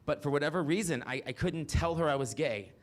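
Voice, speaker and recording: A man's voice: on the high side, brisk. Profane man telling his own story. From Mississippi. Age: 40s. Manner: frank and profane, with punchy asides to the audience. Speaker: solo performer. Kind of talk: autobiographical stand-up storytelling.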